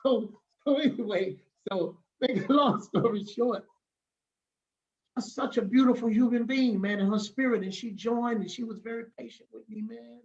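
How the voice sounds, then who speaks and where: A man tells stories as a podcast guest, animated and quick to act out other people's lines. His voice sits high for a man, and the recording sounds dull and lo-fi. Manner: animated, acts out the people he quotes, laughs often. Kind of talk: casual storytelling.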